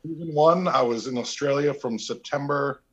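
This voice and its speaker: Man, actor guest, relaxed storytelling, mid-pitched voice, dull lo-fi audio. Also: normal speed. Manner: relaxed anecdotal, acts out quotes. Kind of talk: casual interview storytelling.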